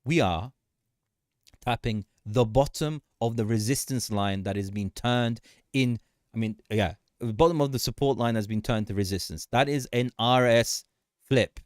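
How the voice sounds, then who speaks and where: A man hosting a casual market commentary livestream, animated and joking, often repeating himself and laughing. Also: mid-range voice, moderate pace, dry recording, clean studio sound. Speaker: livestream host.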